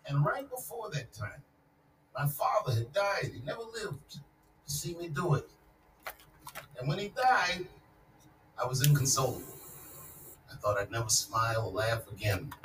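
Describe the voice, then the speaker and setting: Man in his forties, stand-up set, profane and loose, slightly high voice, distant mic in a roomy hall with crowd noise. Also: very animated, moderate pace, pauses often, fairly bright tone. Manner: profane, loose storytelling building to punchlines. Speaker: stand-up comedian. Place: large live comedy venue. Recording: echoey live venue, distant mic, audience noise.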